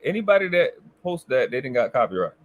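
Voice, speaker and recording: A man's voice: medium pitch, sing-song, fast, dull audio. A man in casual live-stream chat, talking boastfully and emphatically with heavy profanity. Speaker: co-host.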